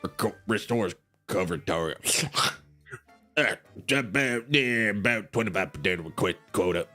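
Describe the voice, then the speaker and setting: A man's voice: on the low side, animated, normal speed, pushed and bright, soft background music, pitched below the performer's own voice. A man reading out a game report in a heavy put-on Southern US accent, in a drawling, joking way.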